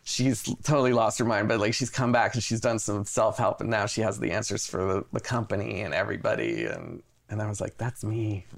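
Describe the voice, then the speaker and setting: A man's voice: fairly low pitch, fairly quick, gravelly, hardly any pauses. A man in his forties, a guest telling a rambling story in casual conversation, often cutting himself off and restarting. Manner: rambling, self-interrupting, animated.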